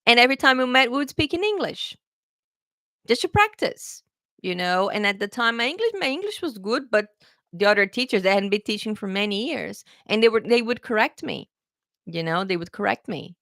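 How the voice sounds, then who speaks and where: A woman English teacher from Brazil with a Brazilian accent, chatting through a live-stream Q&A. She talks casually and keeps checking in with her viewers. Her voice is bright and forceful, recorded close and dry. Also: mid-range voice, lively intonation, a little fast, dry recording.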